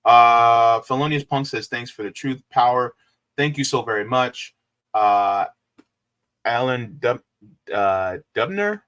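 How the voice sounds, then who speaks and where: A man's voice: mid-range voice, lively intonation, slow pace, a bit bright. A man hosting a casual livestream, talking to viewers in a loose, rambling way with plenty of fillers. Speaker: livestream host.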